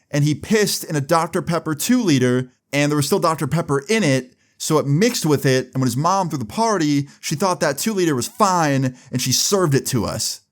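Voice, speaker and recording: A young man telling a storytime vlog in a casual, profane way, with lots of filler words. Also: a little high. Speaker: vlogger.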